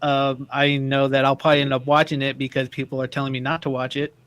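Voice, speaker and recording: Easygoing co-host with a dry, close sound. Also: male voice, medium pitch, completely flat delivery, fast talker, a bit bright, dry recording. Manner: easygoing, chatty, with "like" and "um". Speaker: radio co-host. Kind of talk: casual talk radio chat.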